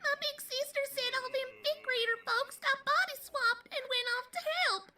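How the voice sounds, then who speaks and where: A woman's voice: very high voice, steady tone, moderate pace, over a noisy crowd. A woman voicing a young country filly who talks in folksy, drawling grammar. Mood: worried.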